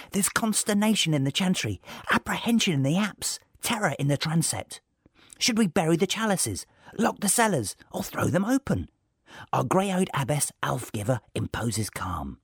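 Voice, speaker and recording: Male story reader, raspy tone, swinging pitch, close dry recording. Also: dry recording. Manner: lively, storytelling delivery. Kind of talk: scripted narration.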